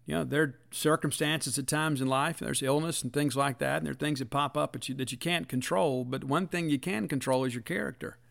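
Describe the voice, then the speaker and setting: A middle-aged man talks sports in a casual, folksy way, leaning hard into his points. His voice sits a little high and has a gravelly edge. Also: brisk, hardly any pauses, a bit bright. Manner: earnest, folksy, emphatic. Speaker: podcast host.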